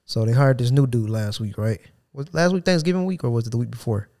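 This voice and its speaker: Animated man telling a work story. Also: medium pitch, fast talker. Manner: animated storytelling with voiced quotes. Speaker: podcast co-host. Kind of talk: casual storytelling chat.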